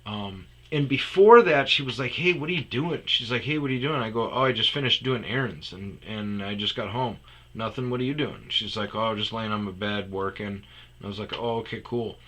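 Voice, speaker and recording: This man's voice sits on the low side, sharp in tone and at normal speed. He spins a rambling comic story about a phone call, with frequent restarts and asides muttered under his breath.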